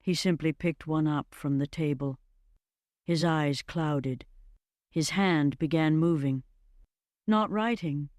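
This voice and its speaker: A narrator reading a fantasy story slowly and evenly, in a scripted storybook style. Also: medium pitch, dry recording, studio quality. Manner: slow, measured and even.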